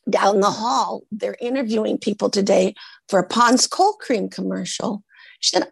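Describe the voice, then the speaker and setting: A woman's voice: medium pitch, a little slow, vocal fry, breathy edge, no echo, poor audio. A woman over sixty from the United States, a guest actress telling stories in an interview and acting out the voices of the people she quotes. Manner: animated, acts out quoted voices in her stories. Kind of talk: conversational storytelling in an interview.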